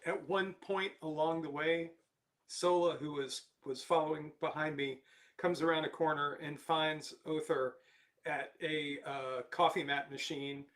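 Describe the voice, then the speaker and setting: A man's voice: a little high, fairly even intonation, unhurried, a bit bright. A man playing a tabletop role-playing game, telling his part with amusement. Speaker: player.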